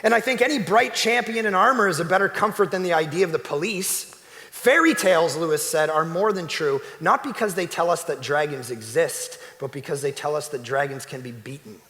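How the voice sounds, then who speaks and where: A man preaching a sermon as a pastor, animated, swinging between loud exclamations and hushed emphasis. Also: on the high side, brisk, big-room sound. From Canada. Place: church sanctuary.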